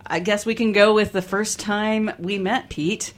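An upbeat talk show host chats casually with a guest. The voice sits in a middle pitch and the host laughs often while telling stories. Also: steady tone, unhurried, a little hiss or hum. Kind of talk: casual chat.

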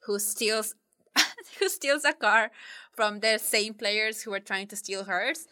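A woman's voice: mid-range voice, slow, sharp tone, clear, resonant tone. A woman in casual chat, recapping a movie plot in a rambling, giggly way with many "like"s. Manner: rambling, giggly retelling with quoted character voices.

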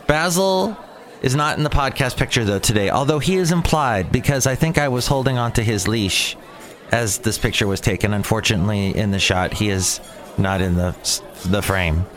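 A man hosting his own daily podcast, rambling goofily between topics and silly bits. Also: lowish voice. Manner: goofy, digressive, sings and shouts bits. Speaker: podcast host.

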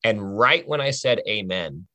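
A man's voice: fairly low pitch, lively intonation, unhurried, sharp tone, no echo. A man on a podcast telling a personal faith testimony in an earnest, conversational way, often checking in with the listener.

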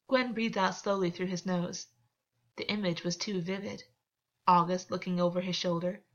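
A woman narrating a novel as an audiobook in a steady, measured reading voice. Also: lowish voice, muffled recording. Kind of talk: scripted fiction narration.

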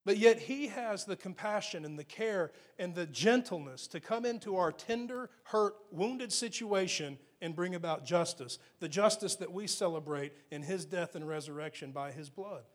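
A high-pitched man delivering a sermon to his congregation. He speaks earnestly, dropping soft and then rising to strong emphasis on key points, and slows down when reading scripture aloud. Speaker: pastor.

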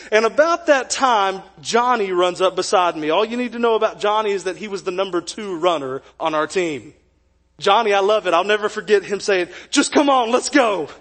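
Man, pastor, high voice, lively jokey storytelling, church sermon. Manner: animated, jokey storytelling with acted quotes. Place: church sanctuary.

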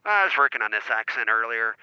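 A man's voice: medium pitch, lively intonation, fast, sharp tone, clear, resonant tone, no echo, lo-fi sound. A man calling in as a regular to a casual podcast, joking and self-mocking. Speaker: regular caller.

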